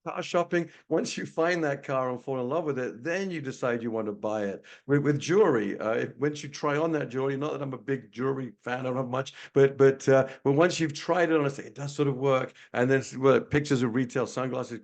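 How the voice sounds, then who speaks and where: A man's voice: mid-range voice, brisk, gravelly, hardly any pauses. A man hosting a sales webinar over a video call, telling stories in a loose, chatty way and often restarting his words. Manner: storytelling, repeats words when restarting. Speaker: webinar host, sales trainer. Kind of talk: casual webinar talk.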